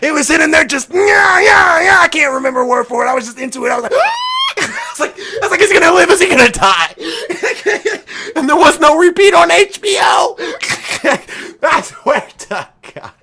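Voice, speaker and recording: A man hosting his own video, talking in an excited, profane rant and often shouting and laughing. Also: very high-pitched, measured pace, noisy background. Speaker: video host.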